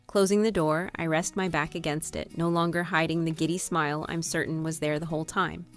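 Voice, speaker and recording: A woman reads her own novel aloud as an audiobook, in an expressive first-person voice. Her tone sits somewhat low, with faint guitar music underneath. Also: brisk. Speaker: author and narrator. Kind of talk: audiobook narration.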